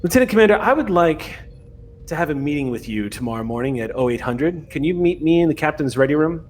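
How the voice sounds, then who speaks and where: A man voicing a poised female Starfleet admiral, speaking politely and briskly in a tabletop game. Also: sits low, animated, darkish tone, slight background noise. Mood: cordial.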